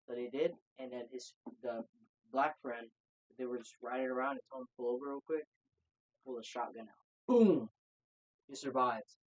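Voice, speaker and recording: A man in a casual chat with friends, retelling a story in loose, halting bursts. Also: medium pitch, little pitch movement, dull audio.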